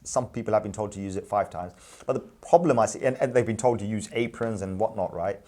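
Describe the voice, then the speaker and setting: A man's voice: on the low side, quick pace. A man who runs a business, talking casually with a friend and pressing his points hard with rhetorical questions. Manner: animated, emphatic, repeats points with rhetorical questions. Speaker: businessman and parent, show host. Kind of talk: casual discussion.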